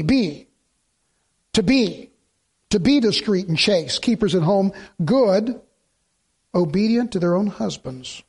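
Delivering a sermon, this middle-aged man speaks in a high, husky voice. He's a lively storyteller who imitates those he quotes and hammers his points home through repetition.

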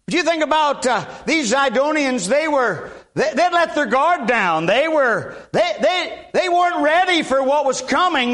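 Folksy high-voiced preacher from Alabama. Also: male voice, animated, unhurried, few pauses, a bit bright. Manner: folksy, repeats himself, frequent amens. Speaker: guest preacher. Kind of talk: sermon.

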